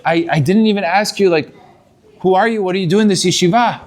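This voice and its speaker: A polite, apologetic young yeshiva newcomer, as a man telling the story puts him on. He rambles earnestly in a fairly high voice. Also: a little fast, natural voice.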